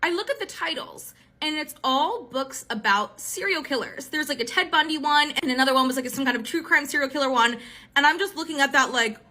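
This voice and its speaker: A young woman telling a dating horror story in a casual, animated way, full of fillers and swearing. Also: high voice, a little fast.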